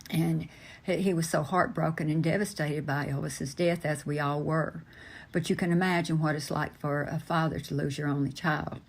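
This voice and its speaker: Slow, halting older man reminiscing. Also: on the high side, steady tone, gravelly. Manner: unhurried, halting, with many ums and uhs. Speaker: storyteller recounting family memories. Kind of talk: slow personal recollection.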